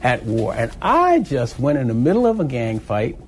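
Older man recalling stories, halting restarts. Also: medium pitch, huge pitch swings, a little hiss or hum. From Philadelphia. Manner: storytelling, hesitant restarts, laughs easily. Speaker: interviewee, former activist. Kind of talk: oral history interview, recalling.

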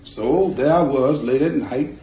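A man, a guitarist telling a story from his childhood in a lively way and acting out the voices of people in it. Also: medium pitch, unhurried. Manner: lively storyteller who acts out quoted voices. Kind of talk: spoken storytelling. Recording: roomy with faint guitar behind.

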